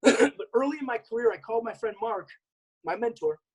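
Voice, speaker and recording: Male seminar presenter, husky tone, energetic, drives points home by repetition. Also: very high voice, fairly quick, rough recording. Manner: energetic, repeats key points, acts out remembered dialogue. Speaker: network marketing workshop presenter. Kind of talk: seminar talk.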